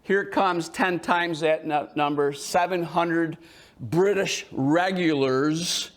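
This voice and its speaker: A man with a notably high voice gives a history talk to a live audience in a museum. He is jokey and animated and keeps quizzing the crowd. His delivery stays conversational and teasing throughout. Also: slow. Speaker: history presenter. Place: indoor museum hall with an audience.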